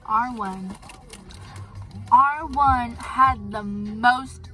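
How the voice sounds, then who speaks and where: A woman's voice: a little high, very slow, pushed and bright, faint music behind. A teenage girl vlogging, telling gossipy stories about her crushes in casual chat. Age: teens. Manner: chatty, gossipy storytelling.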